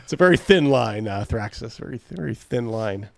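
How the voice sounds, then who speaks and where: A man's voice: mid-range voice, animated, brisk, gravelly, no echo. A man hosting a livestream, reacting to clips with rambling talk, crude jokes and frequent laughter. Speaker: host. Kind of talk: casual livestream reaction chat.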